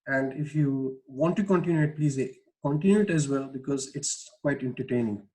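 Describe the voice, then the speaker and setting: A man's voice: mid-range voice, brisk, darkish tone, rough recording. A man giving an online research lecture over a video call, explaining with many "uh" fillers and restarts. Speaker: webinar lecturer.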